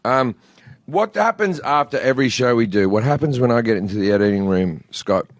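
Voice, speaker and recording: A man's voice: mid-range voice, animated, brisk, no room sound, studio quality. A man hosting a podcast, joking and swearing freely in casual banter. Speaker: show host.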